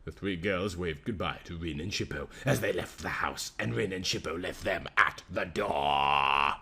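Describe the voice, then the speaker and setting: A man's voice: low voice, moderate pace, gravelly, pushed and bright. A young man, a podcast host, giving a tired, mock-dramatic comic reading of fan fiction.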